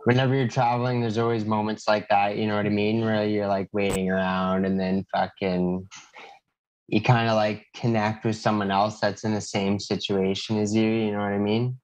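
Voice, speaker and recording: A relaxed man chats casually, backing up his friend with short replies. His voice sits low and stays flat and even. The recording sounds a little muffled. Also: moderate pace. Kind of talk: casual chat.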